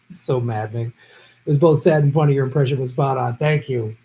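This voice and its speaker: A man's voice: medium pitch, fast talker, warm tone, poor audio. A man hosting a live stream, answering viewer questions in a blunt, profane, unscripted way. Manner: blunt and profane, with heated outbursts.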